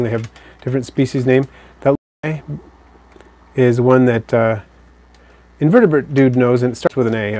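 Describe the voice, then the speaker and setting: A man hosting a live stream, casually answering viewer comments in a relaxed, rambling way. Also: medium pitch. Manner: relaxed, rambling, with fillers and self-corrections.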